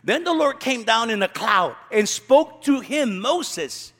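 A man's voice: very high-pitched, very animated, takes it slowly, a bit bright. A man preaching a sermon, reading scripture verses and then commenting with sarcastic asides, raising his voice to act out quoted lines. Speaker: pastor. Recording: long hall reverb.

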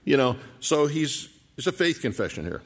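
Storytelling preacher, a man with a mid-pitched voice. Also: big pitch swings, normal speed. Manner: storytelling preacher who acts out the characters' lines. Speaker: pastor. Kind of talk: sermon.

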